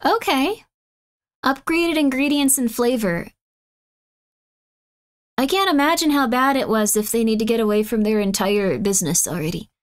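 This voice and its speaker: This is a woman with a high, light voice, chatting casually on a live stream. She reacts to her chat in an excitable, playfully indignant way. She swings from loud exclamations to mumbled asides. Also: moderate pace. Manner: excitable, mock-outraged, swings between loud and muttered.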